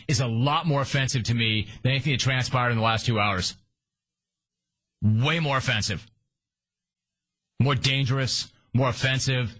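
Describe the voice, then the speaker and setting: A man's voice: medium pitch, bright, forceful tone. A man hosting a sports talk radio show, sarcastic and emphatic in a punchy monologue.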